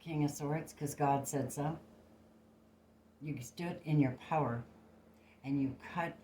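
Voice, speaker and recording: A woman's voice: low voice, slow, dark tone, slight background noise. A woman giving a casual tarot reading to camera, blunt and emphatic, swearing freely, recorded on a phone. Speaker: tarot reader. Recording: echoey room.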